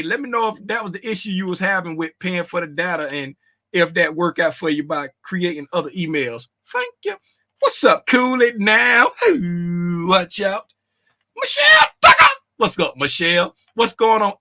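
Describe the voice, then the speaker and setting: A man hosting a casual trading livestream, greeting viewers in the chat by name, talking loud and animated with slangy, conversational phrasing and frequent laughs. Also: high voice, moderate pace.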